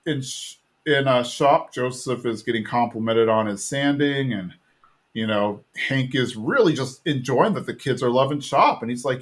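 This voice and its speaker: A man hosting a podcast, walking listeners through an episode in a loose, chatty way. He leans on fillers as he goes, his voice sitting at an ordinary middle pitch. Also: expressive, moderate pace. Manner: chatty retelling full of fillers. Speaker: podcast host. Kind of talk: casual episode recap.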